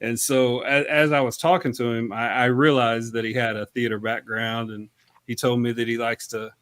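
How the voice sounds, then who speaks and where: A man's voice: mid-range voice, level tone, normal speed, a bit bright, dry recording. Laid-back Southern man with a dry close sound. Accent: Southern US country. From Texas. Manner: laid-back, swears freely, laughs often. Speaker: podcast co-host. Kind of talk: casual chat.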